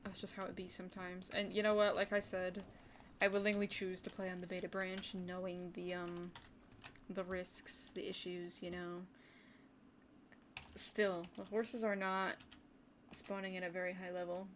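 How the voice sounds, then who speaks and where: A woman's voice: lowish voice, little pitch movement, normal speed, slight background noise. Chatty woman streaming a game. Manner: chatty, talks to chat, drops into brief whispered asides. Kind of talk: casual gaming livestream commentary. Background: faint keyboard typing.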